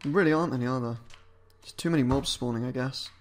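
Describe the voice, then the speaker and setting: A man giving casual gameplay commentary as a let's-player, swearing a lot and muttering and yelling at game enemies. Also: mid-range voice, fast talker, soft background music.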